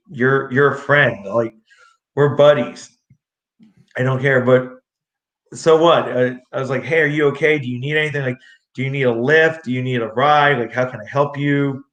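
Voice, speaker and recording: A young man telling fight stories in a rambling, excitable way, acting out what people said, as a guest on an interview show. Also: medium pitch, normal speed. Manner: excitable, rambling, acts out quotes. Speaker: guest, amateur street fighter. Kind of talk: casual storytelling interview. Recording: echoey room.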